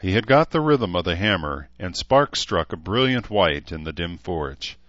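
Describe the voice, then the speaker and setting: A man reading an audiobook in a measured, even narration. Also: deep voice, dry recording, muffled recording. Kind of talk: scripted narration.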